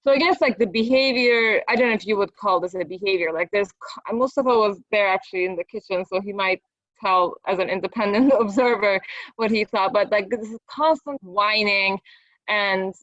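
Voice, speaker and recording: A woman's voice: mid-range voice, normal speed, fairly bright tone, no room sound, dull audio. A woman, a parent, telling her coach in casual talk how a session went, hesitant and full of fillers and restarts.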